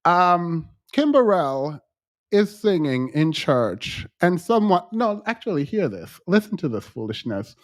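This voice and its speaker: A man's voice: sits high, big pitch swings, measured pace, dry recording, studio quality. A man hosting casual online commentary, ranting in an exasperated, annoyed way. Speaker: commentary host.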